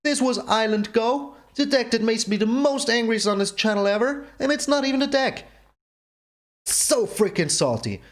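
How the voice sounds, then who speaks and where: A man's voice: very high-pitched, lively intonation, normal speed. A man hosting his own gameplay channel, commenting on a card game in an exasperated rant that keeps repeating itself. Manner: exasperated ranting, repeats himself. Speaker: channel host.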